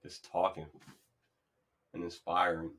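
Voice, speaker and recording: A man's voice: deep voice, monotone, slow pace, pushed and bright. A man hosting his own podcast, talking loosely and encouragingly in a rambling, upbeat monologue into a podcast mic. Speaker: podcast host. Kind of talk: casual motivational monologue.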